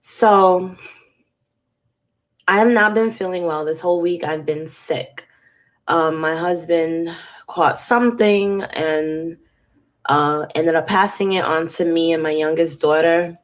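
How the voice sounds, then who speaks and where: Congested woman with a low voice. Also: slow. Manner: frank and chatty, swears casually. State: congested from a cold. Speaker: vlogger. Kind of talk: casual personal vlog talk.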